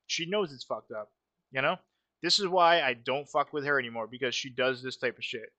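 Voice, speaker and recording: A man's voice: medium pitch, a little fast, bright, forceful tone. A man hosting a casual livestream, talking bluntly with lots of swearing and repeated phrases. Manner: blunt, profane, repeats himself. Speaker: livestream host.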